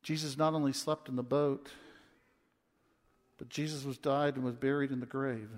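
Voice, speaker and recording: A man in his twenties preaching a sermon as a pastor, impassioned and swinging from loud to hushed. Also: medium pitch, little pitch movement, moderate pace. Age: 20s. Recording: long reverb of a large hall.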